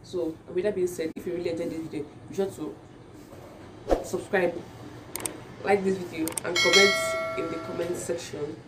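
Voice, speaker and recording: A young Nigerian woman vlogging casually to camera, her voice still rough from just waking up, talking chattily with many restarts. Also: fairly low pitch, fairly even intonation, normal speed, distant mic, heavy background noise. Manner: chatty, repeats words and restarts a lot. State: morning voice, just woke up.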